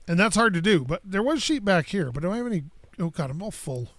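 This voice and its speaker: A high-pitched man chats his way through a building game, rambling loosely to himself and to viewers. His voice sits close and dry on the mic, with no room sound around it. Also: big pitch swings, fast talker, fairly bright tone, dry recording. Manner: rambling, chatty, talks to himself and chat. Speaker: gaming streamer. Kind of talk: casual gameplay commentary.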